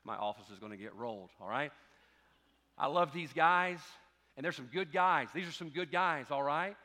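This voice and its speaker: Bright-voiced pastor preaching in a hall. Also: male voice, a little high, moderate pace. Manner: storytelling, swings from hushed asides to loud exhortation. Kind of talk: sermon. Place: church sanctuary. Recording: long church hall reverb.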